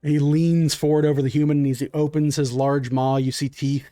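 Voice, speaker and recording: A man narrating a tabletop game as game master in a relaxed, filler-heavy way. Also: a little high, brisk, dry recording, clean studio sound.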